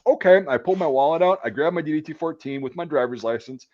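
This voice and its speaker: A man's voice: a little high, fast, muffled recording. A man in his thirties, a military veteran, telling a story in casual chat with lots of swearing and acted-out quotes. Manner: profane, animated storyteller acting out quotes. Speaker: podcast host, military veteran.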